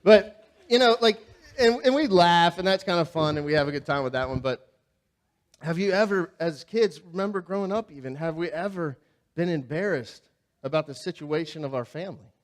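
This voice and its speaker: A man's voice: fairly high pitch, expressive, moderate pace. A pastor with a slightly raised voice preaches in a church, loose and conversational. He tells funny everyday stories with animation and keeps turning questions back to the listeners. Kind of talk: sermon with humorous storytelling. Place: church sanctuary.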